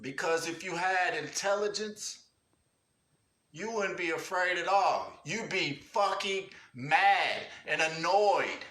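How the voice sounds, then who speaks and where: A high, bright-voiced man ranting angrily on a livestream, cussing constantly in blunt street talk. The room is roomy and echoes around him. He jabs questions at his viewers and rarely lets up. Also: animated, slow pace. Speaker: livestream host. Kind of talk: profane livestream rant. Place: indoors at home.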